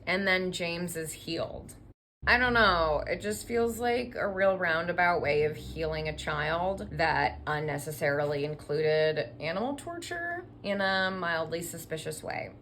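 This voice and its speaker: A woman retelling a religious story as profane, sarcastic comedy with deadpan asides. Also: mid-range voice, a little hiss or hum. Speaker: comedic storyteller and drag performer.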